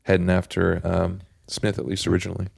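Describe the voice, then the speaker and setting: A man's voice: low-pitched, completely flat delivery, fairly quick, gravelly, darkish tone, husky, no room sound, studio quality. A man co-hosting a podcast, chatting casually about comics with lots of fillers and a rambling flow. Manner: rambling, heavy use of fillers. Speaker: podcast co-host.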